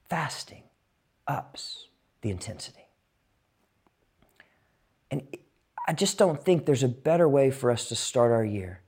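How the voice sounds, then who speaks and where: Pastor, sermon, reads scripture aloud, raised emphasis, drops to hushed whispers. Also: mid-range voice.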